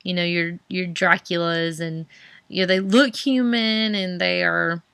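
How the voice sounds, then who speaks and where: A woman's voice: lowish voice, fairly even intonation, measured pace, creaky, a bit bright, smooth, dry recording. A young woman with a Southern US accent, chatting casually about books on her vlog, rambling with many fillers and restarts. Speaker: book vlogger. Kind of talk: casual chat.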